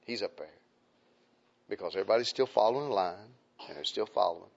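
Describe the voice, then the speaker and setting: A man's voice: lowish voice, expressive, fast, vocal fry. A man preaching a sermon in a folksy, emphatic way, often repeating his phrases. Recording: dull lo-fi recording.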